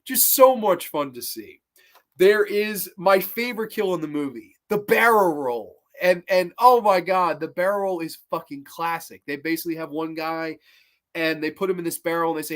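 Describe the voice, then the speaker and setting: A man giving a casual review of old horror films, excitable and swearing freely. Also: high voice, moderate pace.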